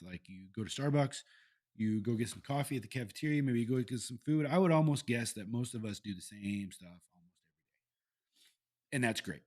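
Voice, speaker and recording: A man's voice: mid-range voice, darkish tone. A man hosts a solo podcast in a candid, conversational way. He swears freely and often restarts his sentences as he thinks aloud. His voice sits in a mid range. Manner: candid, profane, rambling with restarts. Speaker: podcast host. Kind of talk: casual solo podcast talk. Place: Iowa.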